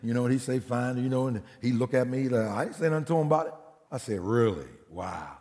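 A man preaching a sermon as a pastor, telling a story in an animated way and acting out the people he quotes. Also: mid-range voice, fast. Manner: animated, acts out quotes, laughs. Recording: long hall reverb.

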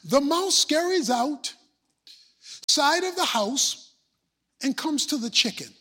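High-voiced preacher man telling a story. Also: lively intonation, slow. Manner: storytelling preacher, rising to shouts. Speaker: pastor. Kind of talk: sermon.

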